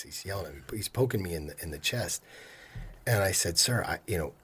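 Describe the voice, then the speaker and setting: Speaking a little fast in a low, husky voice, this man in his fifties works as a mortgage loan officer. He is an animated storyteller in a casual interview, performing the things his customers said.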